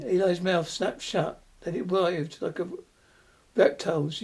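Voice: medium pitch, fairly even intonation, unhurried, a little mellow, husky. A reader narrating a short story aloud, with an uneven pace and occasional restarts.

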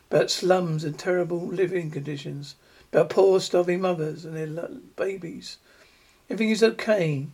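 A self-pitying writer grumbling about his lot, read by a man in a storybook reading. The male voice sits fairly high, and the delivery halts now and then on stumbles and restarts. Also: a little mellow.

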